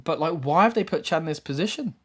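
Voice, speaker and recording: A man hosting a live wrestling show, giving rambling, self-correcting predictions that rise into animated questions. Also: fairly high pitch, fast talker, breathy edge. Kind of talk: live-stream commentary and predictions.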